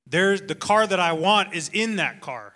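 A man with a slightly high, bright voice, chatting about faith. He jokes easily and keeps chiming in to back up his co-host. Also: lively intonation, measured pace, a little hiss or hum. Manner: joking, supportive interjections. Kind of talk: faith-based casual discussion.

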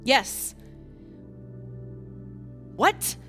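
A woman leading an interactive bible study for a group, swinging from quiet asides to loud, emphatic preaching. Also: extremely slow, soft background music. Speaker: bible teacher.

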